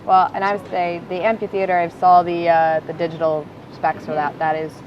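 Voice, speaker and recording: A woman's voice: on the low side, level tone, brisk. Woman, local show host, casual chat, upbeat, lo-fi sound, noisy background. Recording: dull lo-fi audio with clear background noise.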